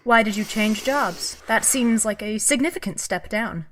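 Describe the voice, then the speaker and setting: Cold inhuman customs officer, voiced by an actress. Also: female voice, mid-range voice, a little hiss or hum, close to an everyday voice. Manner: calm, cold, measured and menacing. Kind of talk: audio drama acting.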